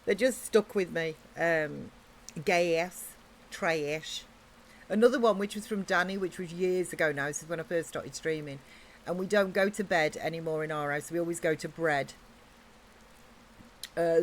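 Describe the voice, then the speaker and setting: English woman livestreamer, chatty and giggly, low-pitched, casual let's-play talk. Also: a little fast, a little hiss or hum. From England.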